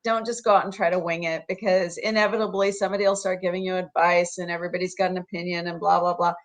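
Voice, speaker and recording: A woman's voice: on the low side, little pitch movement, quick pace. A woman guest on a podcast, talking casually in an upbeat way and laughing at her own jokes. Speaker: guest, coach and co-author.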